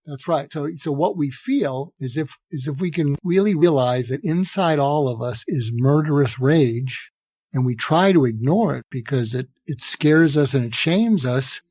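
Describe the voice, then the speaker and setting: In this conversational podcast interview, an older male psychiatrist offers earnest advice, frequently restarting phrases and acting out sample dialogue. His voice is a little high and somewhat mellow, and he speaks unhurriedly. There's no room sound.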